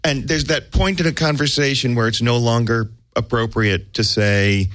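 A man's voice: mid-range voice, moderate pace, few pauses, fairly bright tone, no room sound. An American man, an actor, telling a comic story about himself in a wry, self-mocking way with vivid detail. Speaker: actor guest.

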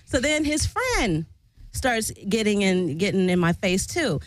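A woman hosting a podcast, telling a bar-fight story in an animated, profane way and acting out the people she quotes. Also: unhurried, no echo, poor audio. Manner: animated, profane, acts out quotes with big pitch jumps. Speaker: podcast host. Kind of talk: casual storytelling.

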